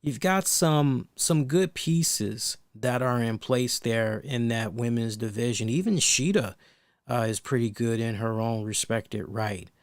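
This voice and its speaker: A man's voice: medium pitch, measured pace, no echo, clean studio sound. A man hosting a wrestling review podcast, talking in a rambling, thinking-aloud way with blunt, casual swearing. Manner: rambling, thinks aloud with many restarts and asides. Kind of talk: casual solo commentary.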